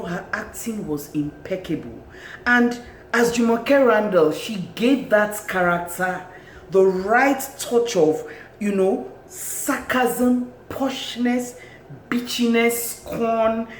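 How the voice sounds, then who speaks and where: A reviewer with a Nigerian accent gives a loose, animated take on a film and punctuates points with exclamations and repeated words. The voice sits at a middle pitch. It is recorded in an echoey room with a faint background hiss. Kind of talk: casual film review commentary.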